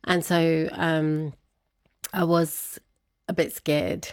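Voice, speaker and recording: A woman with a slightly low voice tells a personal story in an interview, often laughing and lifting her voice when she quotes her family. The sound is dry and close. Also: very slow, no echo. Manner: laughs often, animated when quoting others. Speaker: guest.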